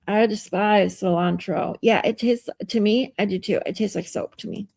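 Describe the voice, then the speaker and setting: A woman's voice: medium pitch, slow pace, gravelly, darkish tone, breathy edge, no echo, clean studio sound. A woman live streamer chatting casually with her viewers, reading out and answering their comments and laughing often, from a hotel room.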